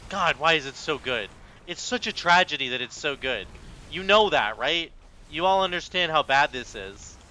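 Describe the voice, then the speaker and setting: Brief: male gamer narrating his own play, lively exclamations, bright and slightly high voice. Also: a little hiss or hum. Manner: animated, exclamatory, self-mocking. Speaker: gaming content creator. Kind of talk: live gameplay commentary.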